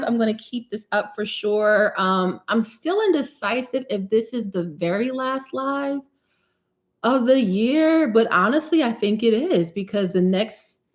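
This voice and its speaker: Casting note: young New woman, chatty livestream host who laughs easily and answers comments. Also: on the high side. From Newark, New Jersey. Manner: warm, chatty, laughs often and jokes with viewers. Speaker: cosmetic chemist hosting a live hair-care Q&A. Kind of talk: casual livestream chat, reading comments.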